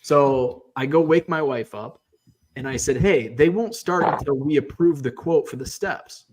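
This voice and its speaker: Chatty man telling an animated story. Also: a little high, unhurried, noisy background. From Midwestern US. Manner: animated, acts out quoted voices. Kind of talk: casual storytelling on a live stream.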